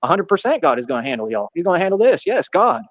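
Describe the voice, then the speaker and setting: A man's voice: high-pitched, sing-song, dry recording, lo-fi sound. A man talking in a boastful, defiant monologue, full of street slang. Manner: boastful, defiant, rapid slang-filled talk. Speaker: streamer in a played clip.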